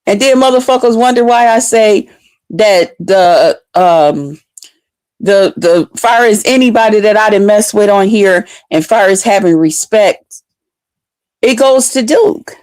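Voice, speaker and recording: A woman's voice: medium pitch, expressive, measured pace, a little mellow, no room sound. Woman, casual storytelling, emotional, cursing, dry. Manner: emotional, tearful at times, swears freely. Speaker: vlogger.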